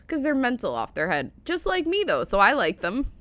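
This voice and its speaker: A woman's voice: on the high side, wildly swooping pitch, normal speed, fairly bright tone, a little hiss or hum. An American woman hosting a reaction video, chatting casually with a rambling, giggly manner. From United States. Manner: chatty, rambling, laughs often. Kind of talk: casual chat.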